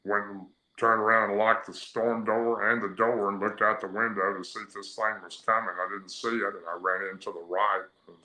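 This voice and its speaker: Here the Tennessee man sits fairly low in pitch, his delivery pushed and bright. As a guest on a radio interview, he spins a lengthy personal tale full of fillers, plain-spoken and meandering, in an echoey, roomy recording.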